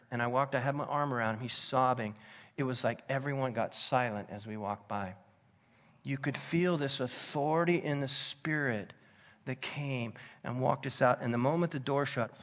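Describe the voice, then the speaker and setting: Speaking at a medium pitch, a man preaches a sermon built around a personal story. His delivery is earnest and conversational, dropping at times to a soft intensity.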